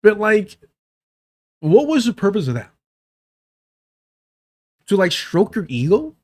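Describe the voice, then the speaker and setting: Slow and sing-song, his high voice has a slightly mellow quality. He's a livestream host giving sarcastic, profane reaction commentary straight to his chat.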